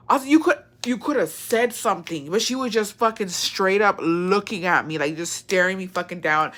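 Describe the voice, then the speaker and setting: A young woman tells her viewers a story in a casual, animated style, swearing a lot and slipping between English and Spanish. She has a medium-pitched voice and talks fairly quickly.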